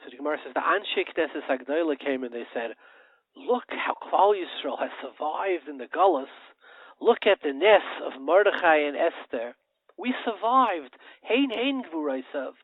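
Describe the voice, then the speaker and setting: Rabbi, male, animated storyteller, slightly high voice, dry phone-line sound. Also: moderate pace, no echo. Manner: animated storyteller with sudden emphatic rises; mixes English with Hebrew and Yiddish terms. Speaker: rabbi giving a Torah talk. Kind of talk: short Torah talk for a holiday.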